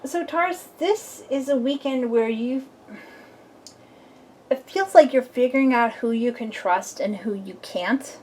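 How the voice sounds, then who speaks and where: A woman's voice: fairly high pitch, unhurried, a little mellow, a little hiss or hum. A young adult woman, a tarot reader, chatting casually and playfully through a weekend reading and acting out little scenes.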